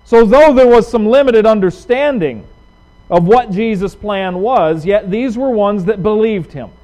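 A middle-aged man preaching a sermon as pastor, talking conversationally with emphatic rises and quick asides. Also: high-pitched, dark tone, low-quality recording.

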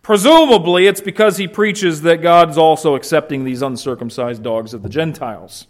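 A man's voice: on the high side, moderate pace. A man preaching a sermon, explaining a passage verse by verse with rhetorical questions and acted-out quotes. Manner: animated, rhetorical questions, acts out quoted shouts. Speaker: pastor. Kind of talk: expository sermon.

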